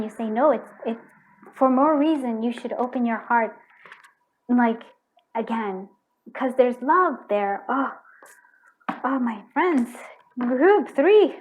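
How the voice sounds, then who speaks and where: High-voiced effusive woman reading tarot. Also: unhurried, phone-quality sound, slight background noise. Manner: effusive, emotional, frequent laughs and restarts. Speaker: tarot reader. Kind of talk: pick-a-card tarot reading.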